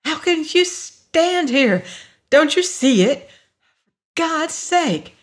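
A narrator voicing a panicked male shopkeeper who shouts and pleads in a high, strained voice. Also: sing-song, slow pace, full character voice. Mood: frantic screaming.

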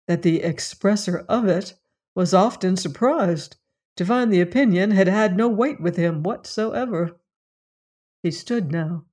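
An audiobook narrator reading an old novel with steady, unhurried poise. The voice sits at an ordinary middle pitch and keeps a calm, even tone through the prose. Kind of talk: scripted narration of a classic novel.

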